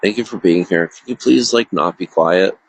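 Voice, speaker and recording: This livestreamer, broadcasting by himself, is upset and nearly crying as he rambles, packing his speech with fillers and interrupting himself. He has a husky, low-pitched voice at a moderate pace, and the audio quality is poor.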